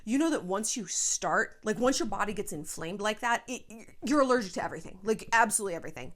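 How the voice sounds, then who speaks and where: A woman giving frank, animated life advice in a casual vlog, a little short of breath and sighing now and then. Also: medium pitch, quick pace. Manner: frank, animated, swears, slips into quoted voices.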